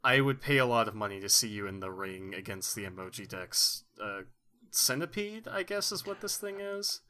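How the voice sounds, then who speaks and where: A man's voice: fairly low pitch, expressive, normal speed, sharp tone, a little hiss or hum. A man co-hosting a podcast, chatting casually and rambling in a mock-sincere, earnest way. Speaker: podcast co-host. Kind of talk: casual comedic chat.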